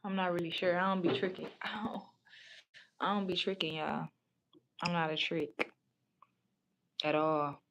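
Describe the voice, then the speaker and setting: Woman livestream host, slightly low voice, blunt and profane, rambling casual chat. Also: level tone, a little slow, long pauses, a bit bright, a little hiss or hum. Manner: rambling with many restarts.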